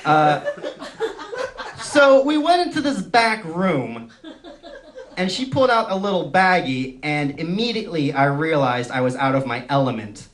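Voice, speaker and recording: A young male stand-up comedian from San Francisco, telling self-mocking stories in a wry, deadpan way on a club stage. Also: fairly high pitch, measured pace. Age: young adult. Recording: noisy live club recording.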